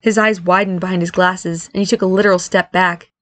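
Low-voiced woman narrating a story. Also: fairly even intonation, brisk. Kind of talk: scripted narration.

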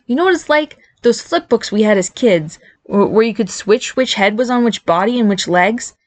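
A woman reading a storybook voices a blunt, tactless teenage boy teasing his brother, sounding amazed. Her fairly high, lively voice, at a moderate pace, sits above her own but near an everyday voice, in a dry recording.

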